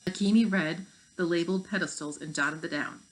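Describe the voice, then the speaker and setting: Low-voiced woman reading a children's novel aloud. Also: fairly quick, low-quality recording. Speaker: teacher.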